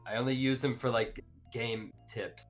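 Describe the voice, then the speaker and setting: A woman chatting casually as a podcast guest, animated and often breaking into silly high voices. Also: moderate pace, soft background music.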